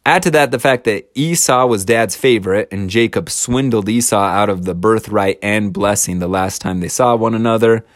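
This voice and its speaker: A man's voice: on the low side, moderate pace, few pauses, no room sound, clean studio sound. Chatty man teaching scripture casually. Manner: chatty, slangy asides.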